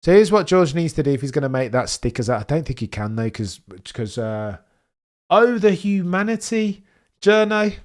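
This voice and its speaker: A young man hosting a live race watchalong stream, chatting excitedly to his viewers. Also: mid-range voice, fairly quick, few pauses. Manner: excitable, chatty, talks straight to chat. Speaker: livestream host watching a race.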